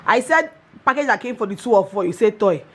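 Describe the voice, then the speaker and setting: A woman's voice: mid-range voice, expressive, brisk, husky. A woman, chatting casually to her vlog audience, gushing and laughing often. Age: 30s. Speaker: vlogger.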